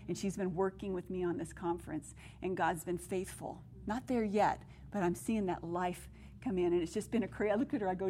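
A middle-aged woman speaking at a women's conference, telling her own story and teaching from the Bible in an animated way that acts out the people she quotes. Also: mid-range voice, a little hiss or hum. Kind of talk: personal testimony and Bible teaching.

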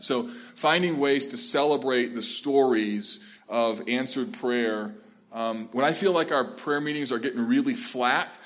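A man who is a pastor, telling stories earnestly and with feeling as he speaks and takes questions from church leaders in a room with a live audience. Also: mid-range voice. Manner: earnest, animated storytelling.

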